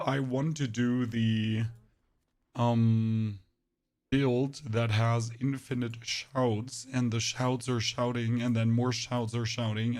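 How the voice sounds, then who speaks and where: Slightly hoarse man streaming a game. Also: mid-range voice, a little mellow. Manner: rambling, joking asides to chat. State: a bit hoarse. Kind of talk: casual live-stream gameplay commentary.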